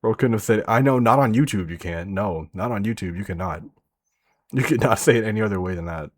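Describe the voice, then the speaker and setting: A man with a lowish voice talks a little fast as he streams a reaction to a video. He chats with his viewers in a relaxed, casual way, swearing freely and speaking straight to chat.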